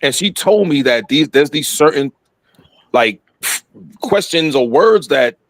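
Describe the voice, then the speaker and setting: A middle-aged man telling a story in casual podcast chat, animated and profane, acting out what people said. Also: a little high, a little slow, no room sound. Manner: animated, profane, acts out quotes.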